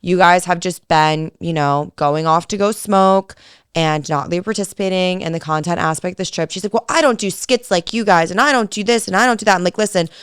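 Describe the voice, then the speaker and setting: A woman's voice: lowish voice, a little fast, smooth, dry recording, studio quality. A young adult woman co-hosting a podcast, telling a story in casual chat, dramatic, laughing often and swearing freely. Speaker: podcast co-host.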